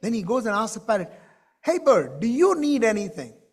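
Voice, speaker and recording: A man's voice: high voice, brisk, slightly rough. A man giving a conference keynote, talking to the audience directly and acting out the voices in a story he tells. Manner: animated, acts out dialogue in his stories. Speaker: keynote speaker. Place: conference stage.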